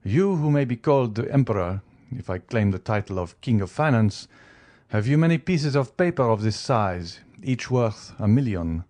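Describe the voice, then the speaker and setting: A man's voice: mid-range voice, lively intonation, moderate pace, a little mellow, close to an everyday voice. A man voicing a proud, greedy middle-aged banker who talks boastfully. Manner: boastful, then flustered and stammering.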